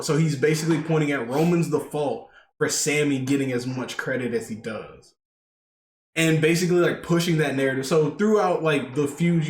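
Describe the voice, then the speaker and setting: A man co-hosting a podcast, chatting casually and rambling with many fillers and restarts. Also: a little high. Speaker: podcast co-host. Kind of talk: casual wrestling chat. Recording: echoey room, faint background noise.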